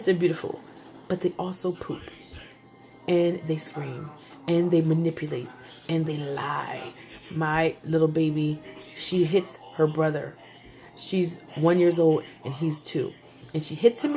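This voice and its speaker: Exasperated mother ranting, animated. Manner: animated, exasperated, pitch jumps up for emphasis. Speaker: mother vlogging about parenting. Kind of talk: casual ranting monologue.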